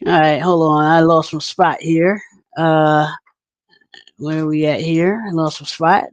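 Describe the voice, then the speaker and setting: A man's voice: high-pitched, fairly even intonation, a little slow, clean tone, no echo, muffled recording. Rambling man reading chat comments. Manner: rambling, repeats words while thinking. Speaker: podcast co-host.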